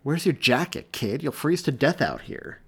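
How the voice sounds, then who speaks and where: A man's voice: mid-range voice, very animated, moderate pace, creaky, fairly bright tone, breathy edge, voice pushed up, heavily acted. Man doing a wry, skeptical cop. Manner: dry and wry. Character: wry, skeptical male police officer.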